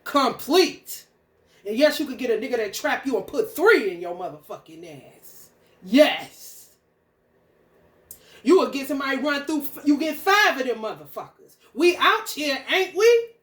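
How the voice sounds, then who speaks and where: A woman's voice: high voice, very animated, unhurried, echoey room. A woman ranting angrily, confrontational and full of swearing. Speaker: spiritual content creator. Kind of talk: profane stream-of-consciousness rant.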